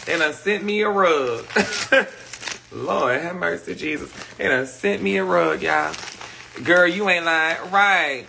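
A brash man with a drawl holds court on his live stream, his voice cutting and sharp with a gravelly rasp at the bottom. He rants and gossips at viewers in a loose, profane, fed-up stream of talk. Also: sits high, lively intonation, slow pace, long pauses, slight background noise. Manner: frustrated, ranting. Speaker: livestream host. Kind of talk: casual livestream chat. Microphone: phone or webcam on a live stream.

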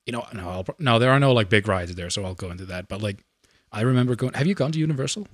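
A young man in his twenties telling a funny story in casual chat, animated and laughing often. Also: rapid-fire, dry recording. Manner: animated, laughing, shrieks in high voice when reenacting screams.

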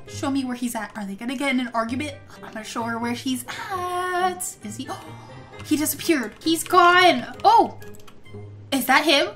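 A woman's voice: high-pitched, sharp tone. A woman hosting a game role-play video, playing a kid and reacting dramatically with gasps and exclamations. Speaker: gaming channel host.

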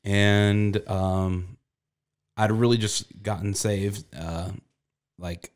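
Man, youth pastor, low voice, easygoing, reflective casual chat. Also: steady tone, drawn-out words. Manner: easygoing, laughs often, reflective.

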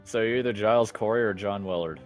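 A man's voice: fairly low pitch, quick pace, music in the background. A man chatting casually with friends over voice chat while playing an online game, joking and easily exasperated. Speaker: gamer.

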